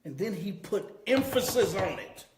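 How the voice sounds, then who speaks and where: A man's voice: high-pitched, animated, normal speed, gravelly, noisy background. A man teaching a scripture class as a preacher, emphatic and repeating his key points. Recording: roomy echo.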